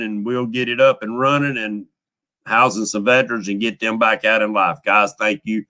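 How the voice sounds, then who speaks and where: A man's voice: fairly low pitch, moderate pace, bright, forceful tone. A middle-aged man, hosting a live fishing stream and talking in a folksy, heartfelt way while thanking viewers by name. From United States. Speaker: fishing channel host. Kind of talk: casual live stream chat.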